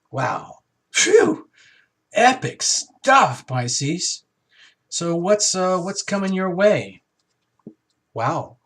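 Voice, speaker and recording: A man giving a casual, rambling tarot reading, animated and exclamatory as he talks to his viewers. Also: a little high. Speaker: tarot reader.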